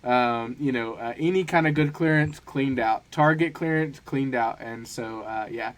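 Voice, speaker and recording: A man hosts a podcast in casual conversation, speaking at a middle pitch. He talks in a halting, self-deprecating way, restarting his sentences often and laughing at himself. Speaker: podcast host. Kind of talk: casual chat.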